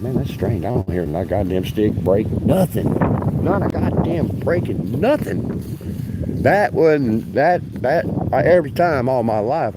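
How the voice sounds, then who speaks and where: A man's voice: fairly low pitch, background noise. A man telling a rambling, profane story on a casual livestream.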